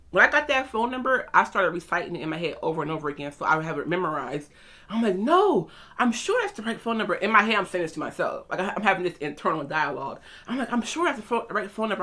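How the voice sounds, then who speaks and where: A young woman vlogger in casual chat, telling a story with animated, breathless energy and quoting her own panic. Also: mid-range voice.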